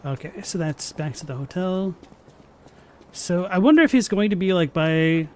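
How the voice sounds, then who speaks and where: A young man chatting deadpan and rambling while he plays a game live on stream. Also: sits high, moderate pace, slight background noise. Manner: rambling, filler-heavy. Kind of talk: casual live-stream chat while gaming. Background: faint game music.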